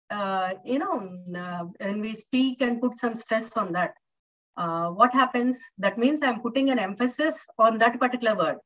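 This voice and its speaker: A university lecturer with an Indian English accent explains patiently in class, repeating points and questioning her students. Her voice is a little high and a bit bright, captured in a distant, dull lo-fi classroom recording.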